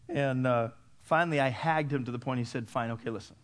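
A man's voice: medium pitch, a little slow. A man preaching a storytelling sermon who acts out the voices of the people in his story and laughs as he goes.

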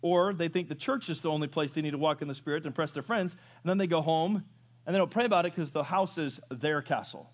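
A man preaching a sermon, moving from loud rising questions to low quiet asides. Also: quick pace. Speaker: pastor. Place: church sanctuary.

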